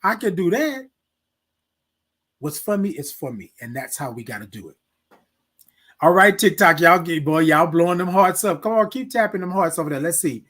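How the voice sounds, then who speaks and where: With a high, slightly bright voice and lively intonation, this man talks at a moderate pace, leaving long pauses. He is an adult military veteran hosting a live morning show, addressing viewers directly in a preachy, motivational style and repeating his key points.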